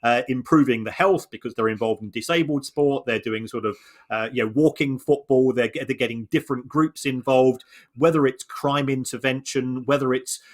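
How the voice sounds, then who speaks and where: A man co-hosting a podcast, explaining points in a measured way with frequent restarts and repeated words. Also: medium pitch. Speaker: podcast co-host. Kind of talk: conversational analysis.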